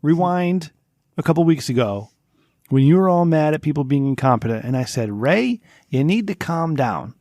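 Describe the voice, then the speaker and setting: Gravelly man giving mock-stern advice. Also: a little high, animated, normal speed, darkish tone, no echo, clean studio sound. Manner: mock-stern lecturing, repeats the other man's name, gives advice. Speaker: podcast co-host. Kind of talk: casual podcast chat.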